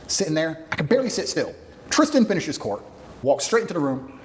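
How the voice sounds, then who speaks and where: A man as a podcast guest, telling a story in an animated way, laughing as he goes. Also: a little high, a little fast. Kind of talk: storytelling in an interview.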